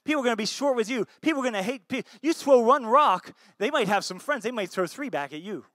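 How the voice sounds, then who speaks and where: High-voiced emphatic American pastor preaching. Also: male voice, expressive, quick pace, no room sound. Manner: swings between loud emphatic bursts and low soft asides; asks the congregation rhetorical questions. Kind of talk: sermon.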